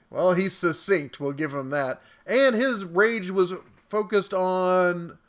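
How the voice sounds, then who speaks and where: A man's voice: a little high, expressive, a little slow, few pauses, a bit bright. A man hosting a tool channel, reading mean viewer comments aloud with playful, jokey delivery. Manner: playful and jokey, chuckles between lines.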